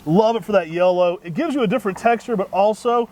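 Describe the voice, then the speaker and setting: A man co-hosting a plant show, pitching trees with folksy enthusiasm. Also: fast, slight background noise. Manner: energetic, folksy, says y'all. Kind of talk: enthusiastic product talk.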